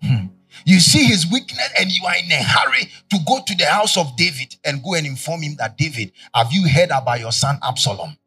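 Husky Ghanaian preacher, call-and-response. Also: male voice, on the high side, lively intonation, brisk, bright, forceful tone, recorded from a distance, soft background music. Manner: call-and-response preaching, fill-in-the-blank questions. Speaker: pastor. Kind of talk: sermon.

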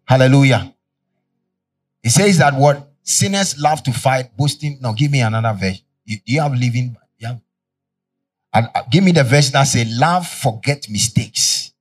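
Ghanaian male pastor, husky voice, mic at a distance, faint music under; call-and-response sermon style. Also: mid-range voice, expressive, normal speed. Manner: call-and-response preaching, fill-in-the-blank questions.

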